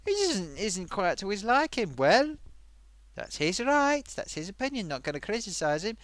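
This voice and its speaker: A cheeky sock puppet host voiced by a man chats through viewer comments. His voice sits a little high. It sounds close and dry, and he keeps slipping in oofs and sighs. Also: big pitch swings, normal speed, fairly bright tone, no room sound. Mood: chatty. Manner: chatty, full of oofs and sighs. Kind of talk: live-stream chat.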